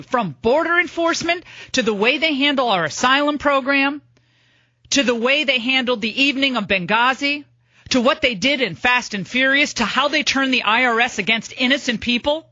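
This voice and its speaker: A middle-aged woman hosting a political talk radio show, delivering a sarcastic, mocking monologue of rapid-fire lists. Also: fairly high pitch, bright, forceful tone, dry recording, dull audio.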